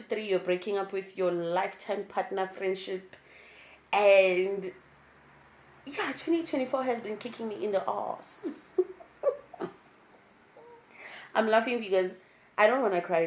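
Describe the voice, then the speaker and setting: A young woman, chatting candidly to her camera as a vlogger, swinging between laughter and low, emotional tones. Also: normal speed. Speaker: YouTube vlogger. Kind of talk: casual chat to camera.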